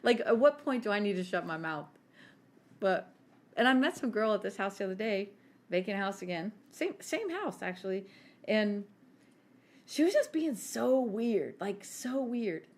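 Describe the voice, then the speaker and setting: A woman's voice: medium pitch, big pitch swings, moderate pace. A woman in her forties telling stories in casual chat as a podcast co-host, brash, laughing and swearing freely.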